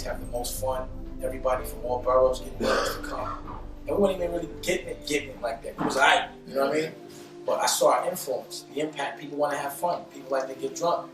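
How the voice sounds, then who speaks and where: Laid-back New man, far from mic. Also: medium pitch. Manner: laid-back, full of "you know what I'm saying". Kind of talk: casual storytelling interview. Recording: echoey, distant mic with music.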